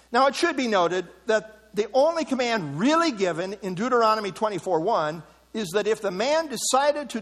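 A man giving a measured, explanatory Bible teaching, pausing often with "uh" as he works through a passage. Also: high voice. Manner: measured, explanatory, with frequent "uh" fillers. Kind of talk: sermon-style Bible teaching. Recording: long hall reverb.

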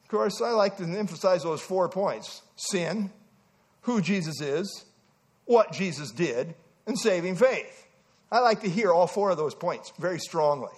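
A man preaching a sermon to a congregation, emphatic and animated, often restarting his phrases. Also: high voice.

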